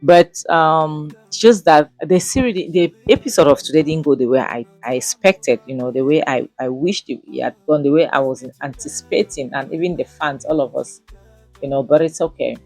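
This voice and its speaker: A woman's voice: sits low, moderate pace, darkish tone, dry recording, faint music behind. A Nigerian woman recapping and reviewing a drama episode in a casual, rambling way, with many fillers. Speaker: series reviewer.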